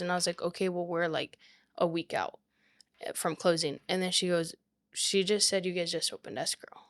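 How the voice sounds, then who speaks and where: A young woman with a somewhat low-pitched voice talks through a long anecdote. She speaks casually and animatedly, quoting other people as she goes. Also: moderate pace. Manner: animated, quotes people often with "like". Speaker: real estate agent, guest. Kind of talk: casual storytelling chat.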